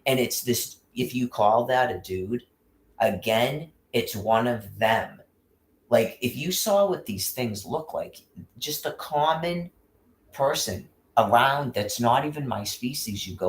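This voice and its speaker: A man's voice: mid-range voice, measured pace. Angry, swearing man in an echoey room. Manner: angry, profane, rambling with restarts. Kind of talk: casual rant. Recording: roomy echo.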